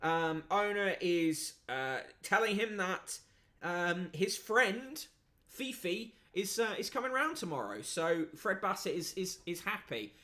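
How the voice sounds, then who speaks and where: A man's voice: sits high, very animated, slow pace, pushed and bright. A man hosting a newspaper review show, reading items aloud with sardonic, sweary asides and frequent fillers. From United Kingdom. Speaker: host.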